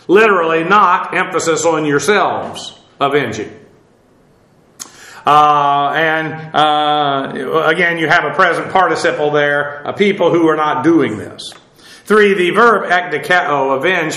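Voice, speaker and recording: A pastor giving expository Bible teaching, speaking in a measured way with many pauses and fillers and spelling out Greek words letter by letter. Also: male voice, on the high side, pushed and bright, roomy sound, poor audio.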